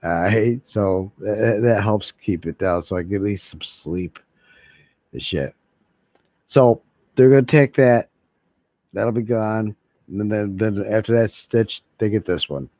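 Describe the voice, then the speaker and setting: A man's voice: on the low side, measured pace, dark tone, no echo. A man rambling casually to his viewers, swearing freely and chuckling between thoughts. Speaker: vlogger. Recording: dull lo-fi sound.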